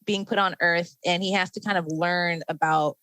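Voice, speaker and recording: A woman's voice: fairly low pitch, steady tone, moderate pace, a bit bright, smooth, dry recording, poor audio. A woman guest on a podcast, describing things enthusiastically with lots of fillers. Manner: enthusiastic, rambling, many fillers. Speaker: guest, anime content creator. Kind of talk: casual interview chat.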